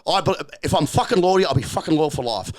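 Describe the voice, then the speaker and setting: Fast-talking Australian man, profane and emphatic. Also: fairly high pitch, lively intonation. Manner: repetitive restarts and rapid bursts. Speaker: podcast guest. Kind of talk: casual podcast chat.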